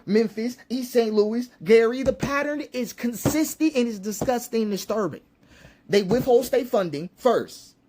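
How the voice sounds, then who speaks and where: A man's voice: very high voice, a little mellow. A man giving an impassioned, preacherly monologue, repeating his points with emphasis. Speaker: commentator.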